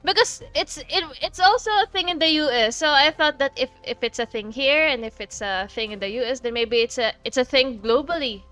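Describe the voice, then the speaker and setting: A woman's voice: on the high side, a little fast, few pauses, bright, forceful tone, smooth, soft background music. A woman from the Philippines with a Filipino accent, chatting casually while streaming a game, laughing often and swearing freely. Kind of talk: casual chat while playing.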